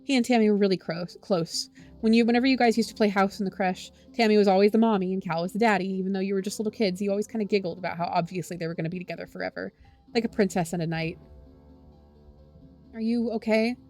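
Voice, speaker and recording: Woman streamer reading a story game, groaning and swearing at the sad parts, soft music behind. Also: mid-range voice, fairly even intonation, very fast. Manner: reacts with sighs, swearing and groans. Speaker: VTuber streamer. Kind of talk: reading a story game aloud with live reactions.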